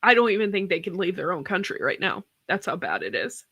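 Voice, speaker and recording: A woman's voice: lowish voice, very animated, fairly quick, fairly bright tone, husky, dry recording, highs cut off. A woman hosting a casual live stream, tearful after crying, talking in a rambling way with sighs and many restarts. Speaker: host of a farm channel live stream.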